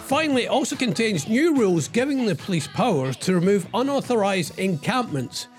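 A man's voice: high voice, big pitch swings, fairly quick, faint music behind. A middle-aged man hosting a radio show, rambling through the news with sarcastic asides and tag questions. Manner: sarcastic about politics. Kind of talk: casual radio talk reading out news items.

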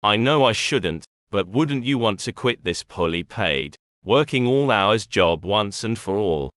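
A man voicing a smooth-talking, scheming male former employer who coaxes and persuades. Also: lowish voice, expressive, measured pace, fairly bright tone, no echo. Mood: persuasive. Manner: coaxing, persuasive.

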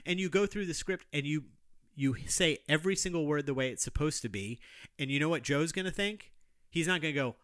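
A man's voice: fairly high pitch, a little fast, a bit bright, dry recording, studio quality. A man co-hosting a podcast in casual chat, arguing his points emphatically and repeating himself for force. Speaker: podcast co-host.

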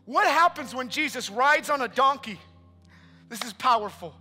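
High, bright-voiced impassioned male preacher. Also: lively intonation, moderate pace, husky. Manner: impassioned, swings between hushed and loud. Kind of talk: sermon. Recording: long hall reverb with music behind.

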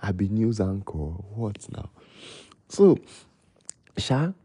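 A young man with a Nigerian accent hosts his own podcast alone in the small hours. His voice sits very low, with a husky, mellow tone. He rambles and freestyles, sliding between Pidgin and English, and the sound is close and dry. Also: sing-song, slow pace, no echo. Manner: talking low late at night. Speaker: podcast host. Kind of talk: rambling solo podcast chat.

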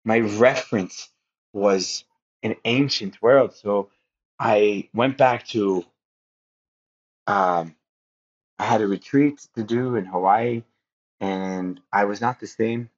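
Low-voiced man telling a rambling personal story. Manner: rambling, earnest, halting with restarts. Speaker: podcast guest. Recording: dull lo-fi sound.

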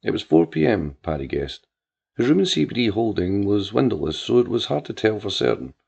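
A man narrating a crime drama story in a measured way. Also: fairly low pitch, big pitch swings, gravelly, darkish tone, husky. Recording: dull lo-fi with faint music.

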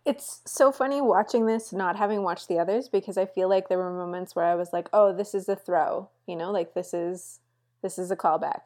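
A woman appearing as a podcast guest, chatting about a movie in a wry, relaxed way. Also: on the low side, brisk. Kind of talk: casual movie chat.

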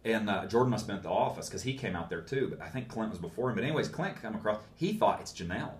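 A man with a very low, deep voice tells a long story in a plainspoken, rambling way, full of folksy turns of phrase. The sound is roomy, with a faint hiss underneath. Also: expressive, racing. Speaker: guest telling a story. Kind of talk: casual spoken storytelling.

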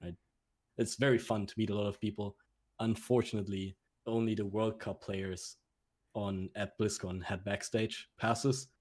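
Earnest guy rambling about meeting people, kinda low voice. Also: level tone, moderate pace, darkish tone. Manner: earnest, rambling, many fillers. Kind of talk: casual podcast chat.

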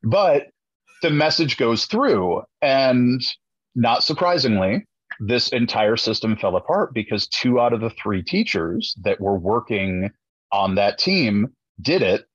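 Male teacher, casual talk, husky, animated storyteller, dry lo-fi sound. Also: mid-range voice, slow, no room sound. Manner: animated storyteller, acting out his own drill-sergeant lines in a raised voice. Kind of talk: casual chat. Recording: dull, dry lo-fi recording.

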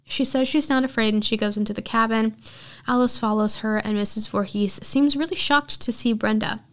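Woman podcast host, chatty and casual recap, slightly high voice. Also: steady tone, normal speed. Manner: chatty storytelling with filler words.

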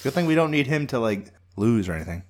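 A man chatting casually on a podcast, telling an animated fantasy football story and swearing freely. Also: medium pitch, quick pace. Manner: animated storytelling, acts out his own shouts. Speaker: fantasy football league member.

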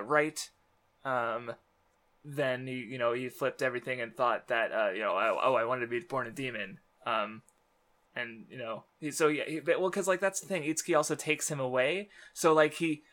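Rambling man with a bright voice. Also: medium pitch. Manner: rambling, many fillers and restarts. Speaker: podcast co-host. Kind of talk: casual manga discussion.

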